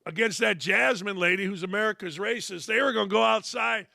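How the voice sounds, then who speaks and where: Brisk and gravelly, with a high-sitting voice and a sharp edge, a male sports talk host rants bluntly and profanely. He pokes fun at others with sarcastic put-on quotes throughout his opinionated monologue, recorded in studio quality with no room sound.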